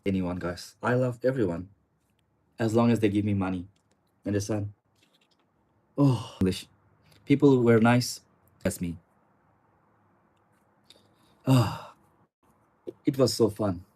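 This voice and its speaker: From his small river-view studio apartment, a young Chinese man livestreams and chats casually with his audience. His voice is lowish and a little mellow. He keeps up a chatty flow, refers to viewers as "guys," and answers their chat comments.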